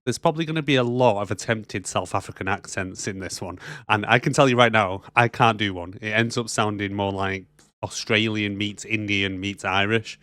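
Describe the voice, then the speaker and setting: A man's voice: lowish voice, moderate pace, a bit bright, no echo, clean studio sound. A man co-hosting a casual movie podcast, chatty and jokey, laughing often. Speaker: podcast co-host.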